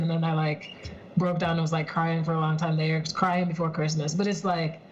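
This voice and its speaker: A woman's voice: low voice, level tone, fast, lo-fi sound. A woman casually telling a personal story on a video call from home, chatty and heartfelt, with lots of "like" and "um". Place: at home in her apartment, heater running.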